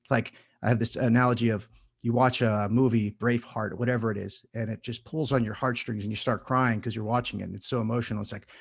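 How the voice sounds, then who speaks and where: A man's voice: fairly low pitch, steady tone, fast, vocal fry, husky. A man hosting a podcast in casual conversation, earnest and building long analogies. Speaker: podcast host.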